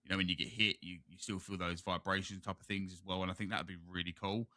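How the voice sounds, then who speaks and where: Bright-voiced British podcast host. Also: male voice, sits low, fast talker, no room sound, studio quality. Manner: rambling, jokey, animated. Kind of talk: casual chat.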